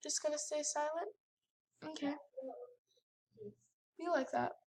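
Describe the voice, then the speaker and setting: A woman's voice: high voice, steady tone, slow pace, a little mellow. A woman ranting with sassy indignation while commentating her gameplay at home by the computer. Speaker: gaming channel host.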